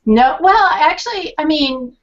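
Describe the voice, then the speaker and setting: A woman's voice: high voice, a little slow, muffled recording. A woman from Massachusetts with a Boston accent, an artist chatting casually on a live stream. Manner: chatty and animated.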